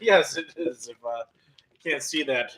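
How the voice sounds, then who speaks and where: A man co-hosting a casual podcast with a friend, playful and self-mocking, with quick deadpan jabs. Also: medium pitch, crowd noise. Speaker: podcast co-host. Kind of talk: casual banter between friends.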